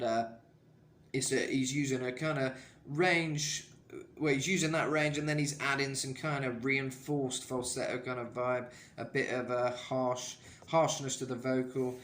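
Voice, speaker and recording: In a roomy-sounding space, a man with a mid-range, slightly bright voice coaches singing. He talks casually and rambles, sprinkling in "kind of" and filler sounds as the vocal coach.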